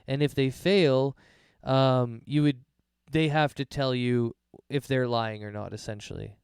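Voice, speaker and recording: A man's voice: mid-range voice, steady tone, measured pace, a little mellow, clear, resonant tone, no room sound, studio quality. A man running a tabletop game as game master, explaining rules and narrating in an easygoing way.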